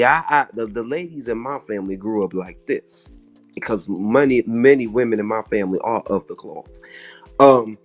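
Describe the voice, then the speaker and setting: A man as a guest on a casual live-stream panel, laid-back and teasing, dropping preachy asides. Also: medium pitch.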